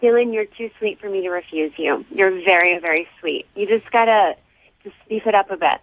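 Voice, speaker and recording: A woman talking on a radio show, giggly and expressive. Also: medium pitch, fairly quick, dry recording, dull audio. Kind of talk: on-air conversation.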